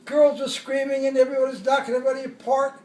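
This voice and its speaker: An older man, a veteran, rambles through an old war story in casual storytelling style, chuckling and acting out shouted quotes. His voice is very high and level in tone, and he talks very fast. He's recorded from a distance, off the mic, in an echoey room.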